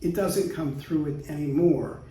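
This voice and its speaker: A man's voice: a little high, measured pace, slight background noise. Older American man, roomy far-off sound. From United States. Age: 60s. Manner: chatty, animated when telling anecdotes, laughs easily. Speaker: guest. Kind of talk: casual interview storytelling. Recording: roomy, distant mic.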